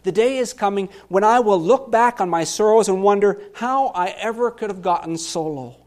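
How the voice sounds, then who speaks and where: A man voicing an anguished male psalmist in a dramatic scripture reading, impassioned, swinging between loud pleas and hushed lows. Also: normal speed, lightly acted. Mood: pleading.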